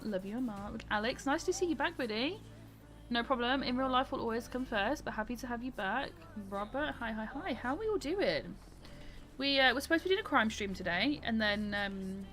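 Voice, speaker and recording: Bright, chatty woman streamer. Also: on the high side. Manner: chatty, greets viewers one by one. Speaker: streamer playing a roleplay game character. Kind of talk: casual live-stream chat and roleplay.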